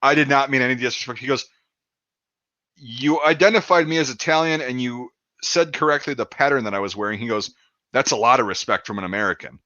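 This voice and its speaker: A man's voice: mid-range voice, fairly quick, bright, forceful tone, dry recording, dull audio. A man in his thirties telling a rambling story in casual chat, swearing often and acting out quotes. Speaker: podcast host.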